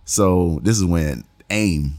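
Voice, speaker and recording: A man's voice: sits low, slow pace, a little mellow. A young man casually telling a story on a podcast, slangy and laid-back, laughing as he goes.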